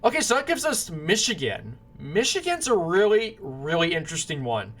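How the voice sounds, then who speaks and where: A political commentator rambles loosely through his election predictions, his voice a little higher than most men's, sing-song and a bit bright at a normal speed. He keeps restarting sentences and apologizes whenever he trips over a name.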